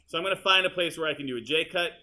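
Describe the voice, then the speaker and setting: A male teacher walking students through an editing demonstration in a high school classroom, casual and chatty as he works. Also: racing, sharp tone, a little hiss or hum. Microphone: room mic, uneven audio quality.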